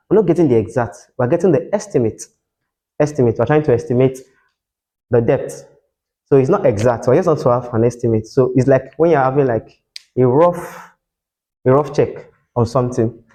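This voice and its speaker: A man's voice: medium pitch, warm tone. A man teaching a whiteboard lesson as a tutor, asking the class questions and repeating key terms for them to answer.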